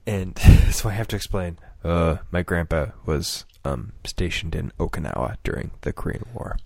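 A man with a low voice tells a meandering anecdote on a casual podcast, breaking into laughter and putting on quick voices for the people in it. The sound is dry and close, with no room around him. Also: lively intonation, creaky, a little mellow, no room sound. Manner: rambling, laughs often, acts out quoted voices. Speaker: podcast co-host. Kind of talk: casual storytelling chat.

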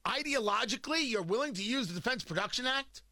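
A man's voice: very high-pitched, lively intonation, fast talker, pushed and bright, dry recording, clean studio sound. A man hosting political commentary, combative and emphatic, firing off rhetorical questions and repeating points for effect.

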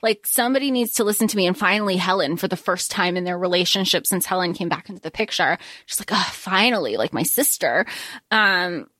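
A woman co-hosting a podcast, talking through a book in casual chat, animated and rambling, dropping into the characters' voices. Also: fairly low pitch, brisk, no room sound, studio quality. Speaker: podcast co-host.

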